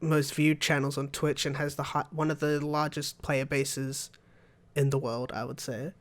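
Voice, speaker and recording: A man's voice: on the high side, flat delivery, normal speed. A young man co-hosting a podcast, chatting casually and rambling about video games, laughing often. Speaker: podcast co-host. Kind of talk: casual gaming chat.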